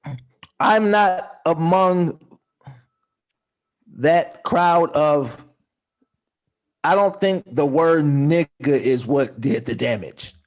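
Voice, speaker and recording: Higher-pitched man musing on a podcast. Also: takes it slowly, pauses often. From Texas. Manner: thoughtful, hesitant restarts, breaks into quoted voices. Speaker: podcast co-host. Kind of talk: casual comedic chat.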